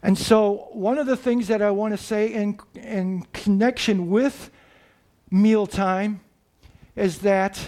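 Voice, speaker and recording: A man delivers a sermon in a high, light voice. He speaks slowly and earnestly, pausing often and restarting his thoughts as he reflects aloud. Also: steady tone, darkish tone. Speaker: preacher.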